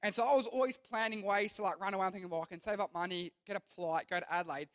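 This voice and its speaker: Young man, youth pastor preaching, high voice, earnest rambling delivery full of restarts, dry sound. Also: fairly even intonation, very fast, a bit bright, no echo. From Australia. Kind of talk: youth sermon.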